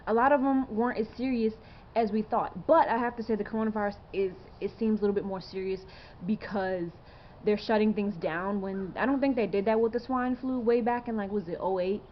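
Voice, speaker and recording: A woman in her twenties talks to her camera in a loose, earnest ramble, stacking up rhetorical questions between fillers. Her voice sits at an ordinary middle pitch for a woman. The recording is slightly dull and lo-fi, with a faint hiss underneath. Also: steady tone, a little fast. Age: 20s. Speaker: vlogger. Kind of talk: casual to-camera monologue.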